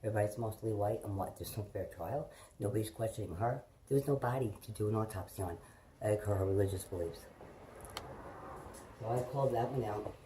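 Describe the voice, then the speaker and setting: Filming on a hand-held phone indoors at home, a middle-aged woman with a rumbling low, mellow voice talks briskly to camera. Her chat is loose and rambling, full of free swearing and asides to her pets, with slight background noise.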